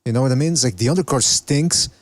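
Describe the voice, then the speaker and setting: A man's voice: mid-range voice, fast, no room sound. A man hosting a casual call-in boxing podcast, laid-back and hesitant, often searching for words. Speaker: podcast host. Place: Canada.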